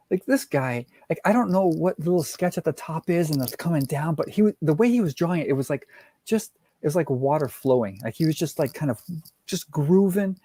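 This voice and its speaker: A man's voice: medium pitch, dark tone, no echo. A man in casual chat as a guest, rambling with frequent laughs and restarts, over a video call. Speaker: guest comic art collector.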